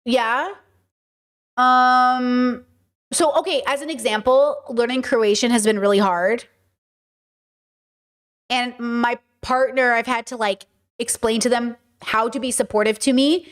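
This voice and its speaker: Chatty woman with a higher voice. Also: fairly even intonation, unhurried, long pauses. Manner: chatty, emphatic, lots of fillers. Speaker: streamer and host. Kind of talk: casual chat stream.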